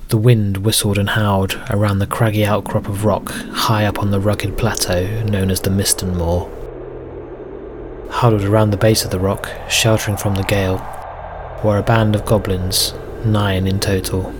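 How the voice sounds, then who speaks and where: A man narrating a solo tabletop game as game master, with steady, even storytelling. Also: on the low side, moderate pace, noisy background. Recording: music bed under narration.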